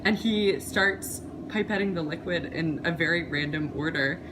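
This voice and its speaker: A woman in her twenties, a biology student, recounting a personal story in an interview with animated energy. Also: on the low side, moderate pace. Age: 20s. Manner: animated storytelling, voice rising as she tells it. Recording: noisy background.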